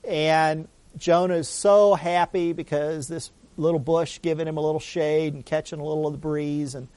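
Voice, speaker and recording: A man's voice: fairly high pitch, darkish tone, dry recording. Conversational preacher man, dry sound. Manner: storytelling, conversational, with restarts and asides. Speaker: pastor. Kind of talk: sermon.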